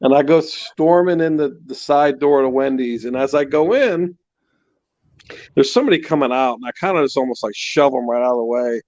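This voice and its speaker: A man telling a story in a casual chat, animated and laughing as he goes. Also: mid-range voice, a little fast, no room sound. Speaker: co-host, father of the host. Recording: dull, dry lo-fi sound.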